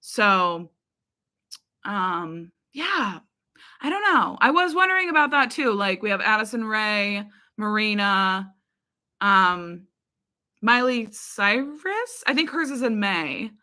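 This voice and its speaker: A woman's voice: medium pitch, animated, slow, sharp tone. A young woman and YouTube reaction creator chatting casually with viewers in a live chat. She rambles, uses many fillers and laughs often.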